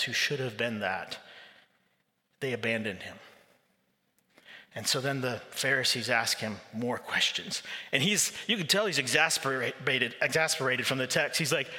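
A man's voice: medium pitch, moderate pace, bright, forceful tone. A male pastor preaching a sermon with vivid storytelling. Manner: vivid storytelling, acting out quoted voices. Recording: long reverb of a large hall.

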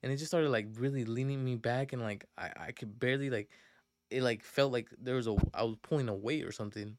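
A young man tells a podcast story in loose, profane slang, stumbling and restarting as he goes. His voice is smooth and clear, at an ordinary pitch for a man. The sound is dry, with no room echo. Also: fast talker, darkish tone. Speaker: podcast host. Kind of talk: casual storytelling.

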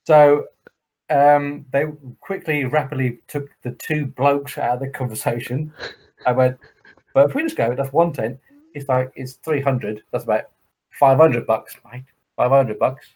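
An English podcast co-host with a middle-pitched voice talks in loose, rambling chat. He swears freely and acts out the people in his stories with quick put-on voices. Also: fairly even intonation, a little mellow, poor audio. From England. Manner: sweary storyteller, acting out others in voices.

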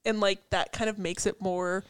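A woman's voice: mid-range voice, little pitch movement, moderate pace, smooth, dry recording. A young woman co-hosting a casual chat, picking apart song lyrics in a chatty way full of "like" and the odd swear. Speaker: co-host.

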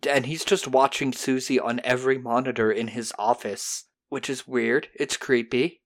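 Animated, profane podcast recapper. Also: mid-range voice. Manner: animated retelling with quick put-on character voices, profane. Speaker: podcast host. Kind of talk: casual episode recap.

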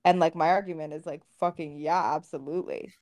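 Woman podcast co-host, frank and profane, slightly low voice, lively retelling. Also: a little fast. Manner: candid, swears freely, animated retelling. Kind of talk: casual podcast conversation.

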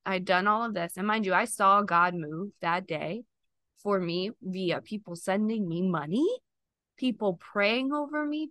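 A woman's voice: mid-range voice, a bit bright, no echo. A woman podcast guest sharing an emotional personal testimony in an earnest, faith-filled way, close to tears.

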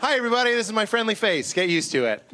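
A man doing a stand-up comedy set on stage, animated and self-mocking. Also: high voice, quick pace, noisy background. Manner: animated, self-mocking, slips into goofy voices. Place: comedy stage before a live audience.

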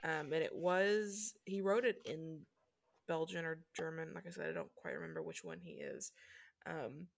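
A woman's voice: low-pitched, normal speed, vocal fry. A woman co-hosting a casual podcast, hesitant and full of ums and likes. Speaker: podcast co-host.

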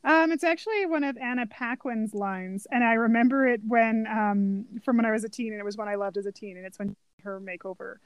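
A woman with a high voice retells movie scenes in enthusiastic detail. The sound is dry and close, with no room around it. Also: brisk, hardly any pauses, smooth, no room sound, low-quality recording. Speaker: podcast co-host. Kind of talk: casual movie discussion chat.

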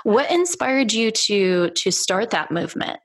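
A woman hosting a podcast in casual chat, bubbly and quick to laugh, swearing now and then. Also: mid-range voice, very animated. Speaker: podcast host.

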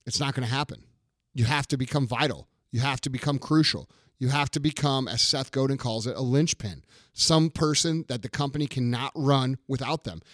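In a clean studio recording with no room sound, a middle-aged man hosting a podcast speaks in a mid-range, fairly bright voice, a little fast. He gives a blunt, profane motivational rant and repeats his lines to hammer them home.

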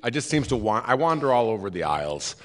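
A man's voice: mid-range voice, sing-song, fast, crowd noise. A man hosting a live podcast in a theater, rambling and self-deprecating, with many restarts. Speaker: podcast host. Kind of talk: casual live podcast chat.

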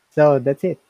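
Man chatting in a dull, dry recording. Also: no room sound. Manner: halting, repeats words, often trails off. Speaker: host reviewing software. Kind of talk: casual chat.

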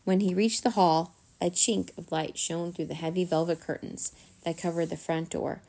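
Low gravelly woman reading a storybook. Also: fairly even intonation, moderate pace, warm tone. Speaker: children's story reader. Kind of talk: bedtime story narration.

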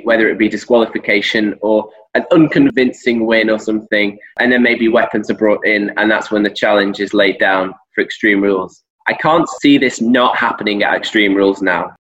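A man's voice: lowish voice, fairly even intonation, normal speed, a bit bright. A man co-hosting a wrestling podcast, chatting casually and animatedly retelling the show with frequent laughs. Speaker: podcast co-host. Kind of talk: casual wrestling recap chat. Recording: dull lo-fi audio.

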